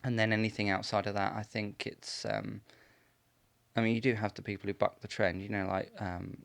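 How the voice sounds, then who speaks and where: An actor being interviewed on live radio in a studio, talking in a measured, explanatory way with frequent ums. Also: male voice, fairly low pitch, flat delivery, creaky, no room sound. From Britain. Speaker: actor guest.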